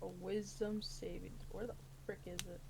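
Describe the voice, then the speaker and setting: A woman playing in a tabletop game, eager and quick to act. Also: mid-range voice, flat delivery, creaky, very noisy. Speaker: player.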